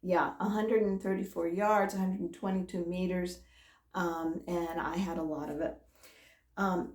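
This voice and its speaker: A woman hosting a knitting vlog, talking casually and hesitantly with many pauses and fillers. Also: on the low side, roomy sound. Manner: hesitant, many "um"s, warm and chatty. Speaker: knitting podcast host. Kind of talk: casual chat to camera.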